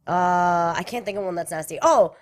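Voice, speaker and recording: A woman's voice: lowish voice, fairly even intonation, a little fast. A young woman co-hosting a podcast, playful and giggly in loose banter. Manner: giggly, playful, jumps in with silly voices. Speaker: podcast host.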